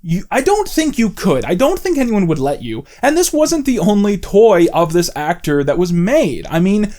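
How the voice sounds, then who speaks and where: A man talking off the cuff into a close mic, explaining at length in a casual, rambling way with many "you know"s and "like"s. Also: high voice. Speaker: video essay host.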